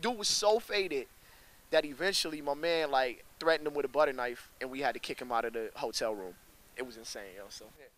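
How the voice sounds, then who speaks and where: A young man, a rapper, telling stories in a casual interview with a slangy, animated manner that jumps up in pitch when he gets excited. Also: fairly quick. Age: young adult.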